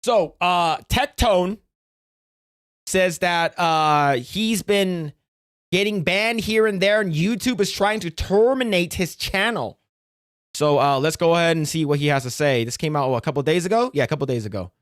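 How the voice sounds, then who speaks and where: A man's voice: on the high side, normal speed, dry recording. Hyped up guy streamer reacting to clips, swears a ton, dry close mic. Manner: excitable, swears a lot, restarts often. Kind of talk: casual live-stream reaction.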